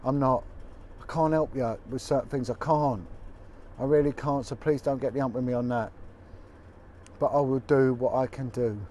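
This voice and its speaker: A man's voice: medium pitch, fairly even intonation, moderate pace, a little mellow, slight background noise. A man, a former detective giving a blunt, indignant, colloquial video update. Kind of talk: impassioned direct-to-camera update.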